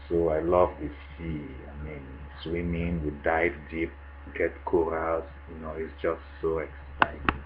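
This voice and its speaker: A man with a Cameroonian English accent, casually answering questions in a vlog, relaxed and chatty with frequent fillers. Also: rumbling low, unhurried, phone-quality sound, a little hiss or hum. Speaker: vlogger answering a tag. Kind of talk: casual monologue.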